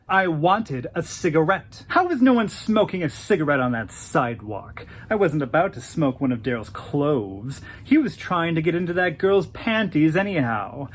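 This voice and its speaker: A campy, sassy storyteller narrates in the first person with a diva's swagger, tossing in "honey" and "darling." The voice swoops up and down through a wide, lively pitch range, sitting in the middle of the register. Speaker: narrator speaking as the oral-history subject.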